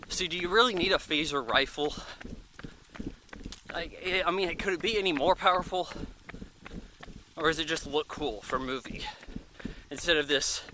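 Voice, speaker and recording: A man's voice: a little high, pushed and bright, slight background noise. A man in his thirties giving a casual, rambling movie review, chatty and offhand, thinking aloud with plenty of fillers.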